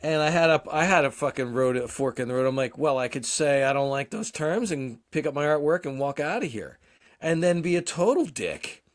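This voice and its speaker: A man's voice: on the high side, animated, fairly quick. Profane, self-mocking man telling a story. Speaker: podcast co-host. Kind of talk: casual storytelling chat.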